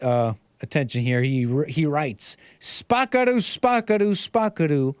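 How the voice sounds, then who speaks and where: A man's voice: medium pitch, darkish tone, no room sound, studio quality. A man hosting a casual livestream, reading viewer messages and rambling sarcastically with frequent restarts. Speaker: livestream host.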